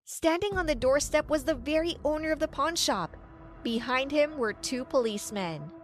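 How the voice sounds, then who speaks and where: Young woman narrator, high voice, dramatic first-person story read. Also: animated, normal speed, soft background music. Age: young adult.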